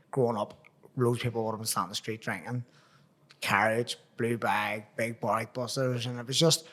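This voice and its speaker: A man's voice: medium pitch, a bit bright. A man with a Belfast accent, hosting a podcast and reminiscing in rambling, slangy casual chat. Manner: rambling, nostalgic, uses slang like "wee" and "crack". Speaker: podcast host.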